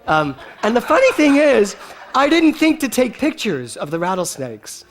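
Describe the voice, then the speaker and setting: A man giving a storytelling sermon to a congregation, animated and often laughing as he talks. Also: extremely high pitch, moderate pace, noisy background. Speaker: speaker at a spiritual center.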